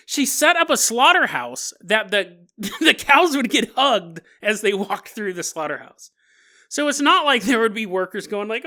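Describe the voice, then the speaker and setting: Lively rambling podcast man, laughing. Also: high-pitched, unhurried. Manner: rambling, jokey, laughs often mid-sentence. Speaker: podcast host. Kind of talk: casual solo podcast monologue.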